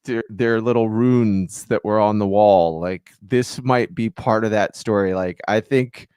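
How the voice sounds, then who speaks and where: A man co-hosting a podcast in casual chat, rambling with many halting restarts. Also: lowish voice, a little mellow, clean tone, dry recording, clean studio sound. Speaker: podcast co-host.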